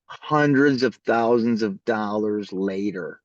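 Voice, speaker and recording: A man who is a podcast guest, telling stories in a casual, animated way and acting out the people in them. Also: mid-range voice, moderate pace, no echo. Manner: animated storyteller who acts out the voices in his stories. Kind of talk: casual storytelling interview. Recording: slightly dull lo-fi audio.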